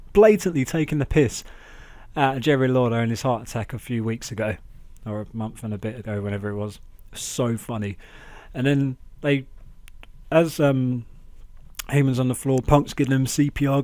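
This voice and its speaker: A man chats about wrestling on his podcast, quick to get excited and to act out what others said. His voice sits at an ordinary middle pitch. The sound is dry and close, with no room echo. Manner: chatty, excitable, acts out quotes in raised voices. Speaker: podcast host. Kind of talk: casual wrestling review chat.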